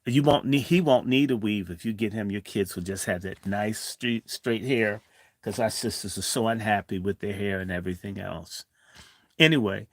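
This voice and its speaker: A man's voice: fairly low pitch, measured pace, long pauses, a bit bright, no room sound, clean studio sound. Blunt, profane man in his sixties. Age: 60s. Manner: blunt, provocative, swings from story to rant. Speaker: host. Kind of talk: profane storytelling monologue.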